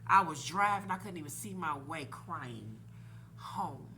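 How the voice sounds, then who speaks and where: Podcast host, woman in her 40s, lively swooping delivery, slow-paced, candid storyteller. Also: sits low, a little hiss or hum. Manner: animated, laughing while telling a painful story.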